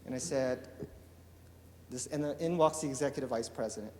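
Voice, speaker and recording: A man's voice: medium pitch, brisk, a little hiss or hum. Man telling a story in a hall. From eastern Oregon, USA. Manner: animated storyteller acting out quoted dialogue. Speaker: entrepreneur giving a talk. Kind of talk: storytelling keynote speech. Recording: reverberant hall with faint ambience.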